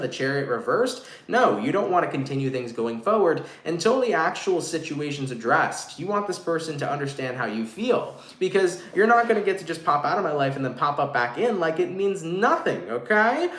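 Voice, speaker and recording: A man's voice: mid-range voice, fairly bright tone. A man giving a casual live tarot reading to viewers, talking in slang and swearing freely. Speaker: tarot reader. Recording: echoey room, faint noise.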